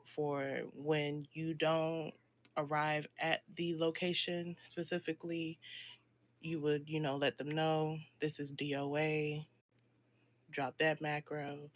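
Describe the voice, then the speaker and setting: A man leading an online training meeting, explaining a procedure in a measured, instructive way with frequent pauses. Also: a little high, fairly bright tone.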